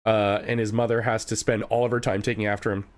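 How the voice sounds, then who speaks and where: A man's voice: on the low side, flat delivery, fast talker. A man co-hosting a podcast in casual chat, explaining his view of a story in a conversational way. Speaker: podcast co-host.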